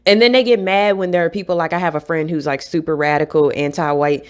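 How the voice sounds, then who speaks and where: A woman's voice: sits low, steady tone, fast. A young adult woman vlogging to camera in a casual rant, blunt and profane.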